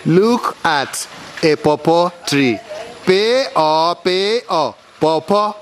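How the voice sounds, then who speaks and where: A man with an Igbo accent teaching a slow language lesson, repeating words and spelling them out letter by letter. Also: on the high side, lively intonation.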